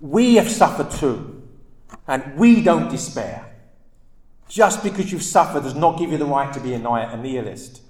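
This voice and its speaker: A man's voice: mid-range voice, animated, normal speed, darkish tone, close to an everyday voice. A man reading as an impassioned young man on suffering. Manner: impassioned, emphatic reading aloud. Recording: echoey room.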